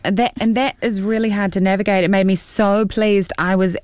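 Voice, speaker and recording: A woman's voice: medium pitch, normal speed, no room sound, clean studio sound. A woman in her forties with a New Zealand accent, a guest telling stories in a casual interview and acting out what people said, with frequent laughter. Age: 40s. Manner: animated storyteller, acts out quotes, laughs often. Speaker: actor guest.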